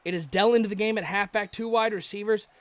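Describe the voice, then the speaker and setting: Guy calling video game football live, talks super fast, kinda high voice, gets hyped on big plays. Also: dry recording. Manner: rapid, excitable calls that rise on big plays; chats with the live chat between plays. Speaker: play-by-play commentator.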